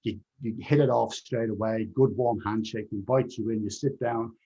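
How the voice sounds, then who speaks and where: A man's voice: on the low side, fairly even intonation, moderate pace, warm tone, husky, lo-fi sound. A man being interviewed as a presentation skills trainer, answering in an earnest conversational way and repeating key words for emphasis.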